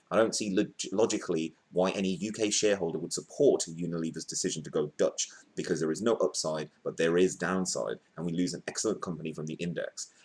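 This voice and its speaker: A man's voice: sits low, a little mellow, slightly rough. A man hosting a comedic news show, reading headlines and riffing off-script with fillers and restarts.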